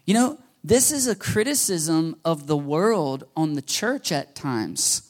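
A man's voice: fairly high pitch, animated, a little slow, a little mellow. A man preaching a sermon to his church, talking in a conversational way, joking and acting out little quoted voices. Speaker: pastor.

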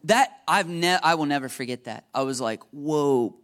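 A man from the United States preaching a sermon in an animated, joking way, often checking in with his listeners. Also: a little high, fairly quick. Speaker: pastor.

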